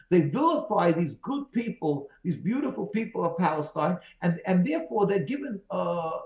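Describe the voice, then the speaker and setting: A man, a rabbi as interview guest, giving emphatic, pleading answers full of repeated phrases over a video call. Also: sits high. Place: remote call from home. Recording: roomy, dull video-call audio.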